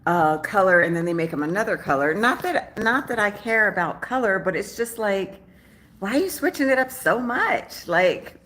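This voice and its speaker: A woman's voice: medium pitch, sing-song, normal speed, fairly bright tone. A woman vlogger chatting casually to camera at home in the morning, rambling and often laughing. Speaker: travel vlogger.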